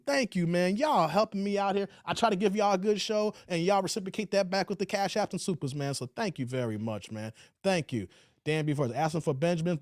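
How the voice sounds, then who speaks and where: A man's voice: sits high, dry recording, studio quality. A man hosting a livestream in casual chat, reading viewer comments aloud in a laid-back, slangy way. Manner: laid-back and slangy, often ends lines with "man" and "y'all". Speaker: livestream host. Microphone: streaming setup.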